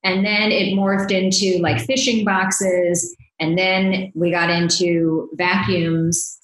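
A woman's voice: deep voice, reverberant, poor audio. A woman from New Jersey, a blogger guest on a podcast, chatting casually with lots of fillers and laughs. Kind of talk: casual interview chat.

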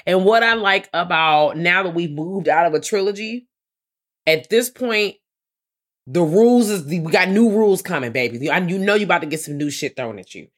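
A woman co-hosting a casual movie review podcast, talking in an animated, slangy way. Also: fairly low pitch, normal speed. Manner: animated, slangy, laughs while telling. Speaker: podcast co-host.

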